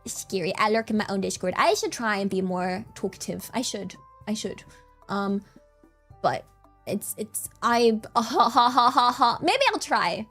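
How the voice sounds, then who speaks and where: A woman's voice: mid-range voice, measured pace, faint music behind. A young woman streaming and chatting casually, rambling and giggly, often repeating herself. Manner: giggly, rambling, repeats words, easily excited. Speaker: vtuber streamer.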